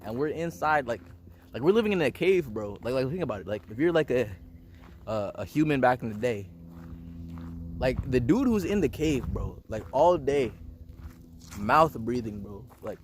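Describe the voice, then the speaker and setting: Young dude vlogging, super casual, says bro a lot, faint hiss behind. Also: male voice, mid-range voice, animated, normal speed. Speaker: self-improvement vlogger. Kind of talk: casual personal monologue.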